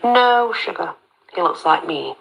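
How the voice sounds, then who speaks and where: A woman's voice: on the low side, expressive, a little slow, creaky, a bit bright, husky, heavily acted, poor audio. A woman voicing a smug, charming male fairy colonel with a lilting Southern accent who teases as he talks. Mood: teasing. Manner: lilting, teasing, calls her sugar.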